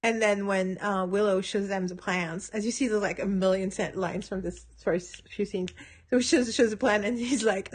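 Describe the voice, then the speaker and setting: A woman's voice: mid-range voice, unhurried. A woman hosting a solo podcast, thinking aloud in a casual, hesitant way with frequent fillers and restarts, amused by what she discusses. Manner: amused, laughs between points. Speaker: podcast host reviewing a TV episode. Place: at home by her computer.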